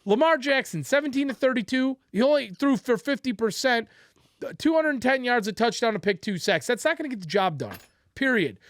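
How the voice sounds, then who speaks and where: A man rants about football on a podcast, swearing freely and hammering each point home. His voice swings widely in pitch as he builds and drops. The sound is dry and close, with no room around it. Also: big pitch swings, a little fast, dry recording. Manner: profane, ranting, emphatic. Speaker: sports podcast co-host. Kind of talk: heated sports talk.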